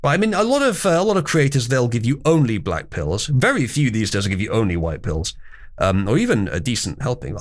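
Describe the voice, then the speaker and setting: A man hosting a livestream, chatting casually and rambling with wry asides to his chat. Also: medium pitch. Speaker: livestream host.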